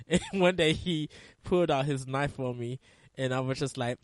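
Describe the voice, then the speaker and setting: A man's voice: medium pitch, normal speed, no echo. A man hosting a casual gaming podcast, rambling through side stories and laughing often. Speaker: podcast host.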